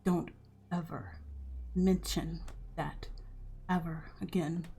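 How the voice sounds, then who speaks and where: A woman voicing a powerful male fey uncle who speaks slowly and coldly. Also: medium pitch. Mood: menacing. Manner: measured, quiet, menacing.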